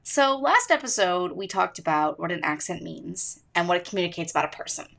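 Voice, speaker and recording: Fairly low-pitched, creaky and a bit bright, a teenage student podcast host narrates a little fast. She hosts her own show, and her delivery is emphatic and swooping.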